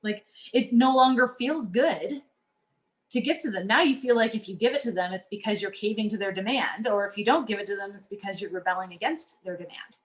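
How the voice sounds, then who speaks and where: A woman speaks as a coach in a relaxed teaching talk, earnest and conversational. She often restarts her sentences and fills pauses with small words as she explains her point. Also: medium pitch.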